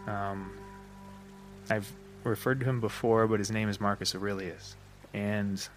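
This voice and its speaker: A man's voice: on the low side, a bit bright. A man hosting a solo podcast, thinking aloud with fillers and restarts, his breath slightly shaky and short. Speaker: podcast host. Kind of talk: unscripted solo podcast talk.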